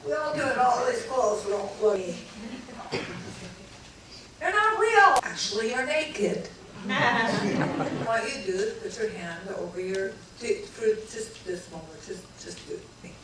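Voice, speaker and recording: A woman addresses a live audience in an inspirational talk, slow and heartfelt with a teasing streak. She sounds far from the microphone in a large hall full of echo. A steady hum of room noise sits behind her voice. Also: medium pitch. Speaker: guest speaker.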